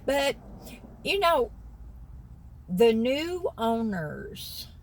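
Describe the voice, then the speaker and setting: Talking to camera in a casual vlog, a Southern US woman in her sixties keeps up a folksy chat with her viewers. Her voice runs on the high side, with big swings in pitch and drawn-out words.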